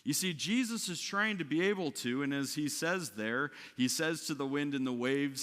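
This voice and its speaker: A man's voice: on the high side, moderate pace, hardly any pauses, fairly bright tone, in a large hall. A man preaching a sermon as pastor in a conversational way, often asking "right?" and restarting his sentences. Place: church sanctuary.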